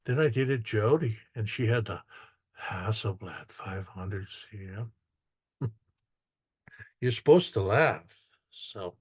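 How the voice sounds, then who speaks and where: A man's voice: mid-range voice, no echo. An older man giving a casual artist talk, telling stories, repeating words and joking with the audience.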